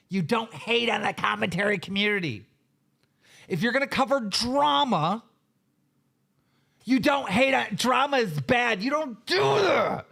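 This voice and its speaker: A man's voice: high voice, vocal fry, fairly bright tone. A man hosting a live stream, reacting to clips in a heated, profane rant and often repeating himself.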